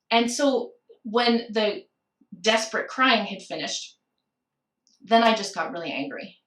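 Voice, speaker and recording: A woman's voice: fairly high pitch, reverberant, distant mic. Candid woman telling a painful story. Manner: candid and emotional, with soft laughs and slowed phrases. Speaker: podcast guest. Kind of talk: personal storytelling in a podcast conversation.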